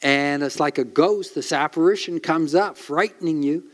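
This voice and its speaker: A male pastor preaching with earnest emphasis. His voice sits a little high for a man, and he leans on dramatic pauses to drive his points home. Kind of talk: sermon.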